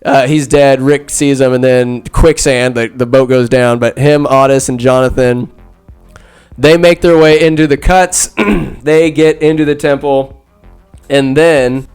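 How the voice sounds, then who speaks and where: A man hosting a podcast, recapping a film in a rambling, sarcastic comic style with loud asides. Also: medium pitch, fairly even intonation, unhurried, smooth, faint music behind. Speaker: podcast host. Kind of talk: comedic movie recap.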